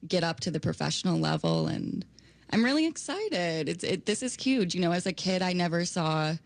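A woman's voice: on the low side, animated, moderate pace, gravelly, dry recording. A woman co-hosting a casual radio talk, enthusiastic and loose with fillers. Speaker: radio co-host.

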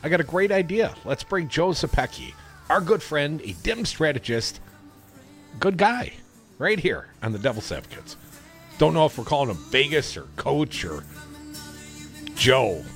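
A man's voice: a little high, very animated, normal speed, long pauses, fairly bright tone, soft background music. A man hosting political talk radio, reading news and adding sarcastic, opinionated asides.

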